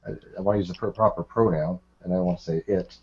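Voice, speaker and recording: A man's voice: low-pitched, steady tone, fast talker, a little mellow, lo-fi sound. A man hosting a casual online hangout, laughing often and trailing off as he reads comments. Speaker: host.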